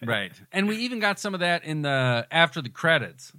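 A man talks through a movie's plot in relaxed podcast chat, recounting each scene in detail. His voice is bright and forward, and the recording is close and dry with no room sound. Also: a little high, brisk, no echo. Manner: retells scenes in detail, laughs often. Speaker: podcast co-host. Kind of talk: casual movie discussion.

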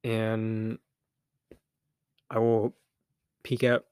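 A man's voice: lowish voice, completely flat delivery, drawn-out words, a little mellow, clean tone, no room sound, studio quality. A young man hosting a solo podcast, talking candidly and loosely, thinking aloud with restarts, a little embarrassed but encouraging. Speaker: podcast host. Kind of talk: casual solo podcast monologue.

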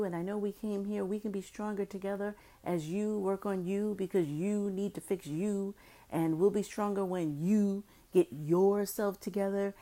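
Woman mocking a smooth-talking manipulative young man. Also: mid-range voice, mellow, natural voice. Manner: sweet-talking, condescending.

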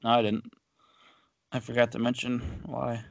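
A man's voice: mid-range voice, completely flat delivery, moderate pace, creaky, no room sound, low-quality recording. A man co-hosting a podcast, casually sharing baseball trivia with lots of fillers and an easygoing manner. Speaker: podcast co-host. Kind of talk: casual chat.

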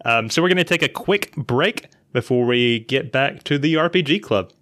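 A man's voice: medium pitch, expressive, normal speed, background noise. A man co-hosting a video game podcast, laid-back and joking in casual chat. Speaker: podcast co-host.

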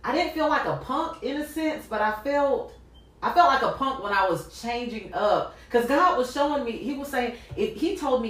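Animated woman telling a story in an echoey room. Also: fairly high pitch, normal speed, distant mic. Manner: animated storytelling, acts out dialogue, laughs often. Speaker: podcast host. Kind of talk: casual faith chat.

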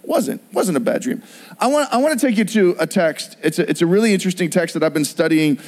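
A middle-aged man preaching a sermon, telling a personal story with animated storytelling and acted-out voices. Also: high-pitched, quick pace. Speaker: pastor.

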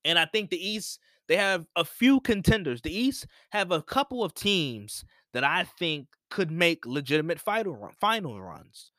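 A man's voice: a little high, expressive, normal speed, few pauses, sharp tone, dry recording, clean studio sound. A man hosting a sports podcast, talking casually and repeating his points for emphasis. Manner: opinionated, repeats himself for emphasis. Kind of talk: casual solo sports talk.

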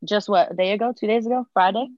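A woman's voice: mid-range voice, fast, no echo, highs cut off. A woman in her late twenties talking candidly and openly in conversation, telling stories with acted-out quotes. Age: late 20s. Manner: open, animated storytelling with acted quotes.

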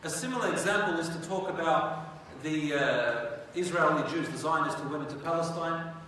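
A male religious teacher tells history in a loose, conversational way and keeps turning to his audience with questions. His voice sits somewhat high for a man. It is picked up from far off in a big hall with a long echo and faint background hiss. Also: normal speed, pushed and bright. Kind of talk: storytelling lecture.

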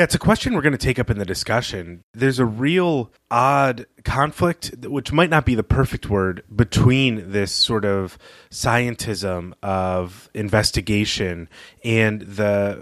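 Man, lowish voice, podcast co-host, analytical commentary, dry recording. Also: unhurried, fairly bright tone, dry recording. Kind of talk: casual literary discussion.

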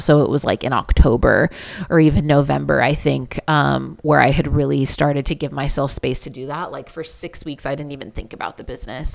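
A woman's voice: low voice, gravelly. A woman hosting her own podcast as a business coach, talking candidly through her story with plenty of swearing and fillers. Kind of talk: casual solo podcast monologue.

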